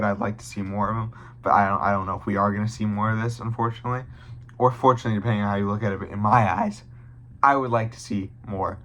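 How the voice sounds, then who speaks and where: A man's voice: lowish voice, bright, forceful tone. Blunt, profane young man reviewing a film. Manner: blunt and profane, with frequent restarts. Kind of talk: casual video review.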